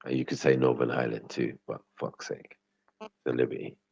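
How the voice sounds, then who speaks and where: A man's voice: extremely low pitch, level tone, a little fast, vocal fry, a little mellow, breathy edge, no room sound. A man hosting a casual livestream, teasing his viewers in slangy, swearing chat. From Britain. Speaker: livestream host. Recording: dull lo-fi stream audio.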